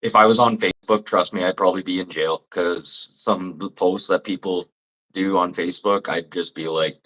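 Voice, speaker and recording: A Canadian man chatting with viewers on a livestream, blunt and rambling, swearing freely and mimicking people in high mocking voices. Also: moderate pace, fairly bright tone, poor audio. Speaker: livestream host. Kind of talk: casual live chat with viewers.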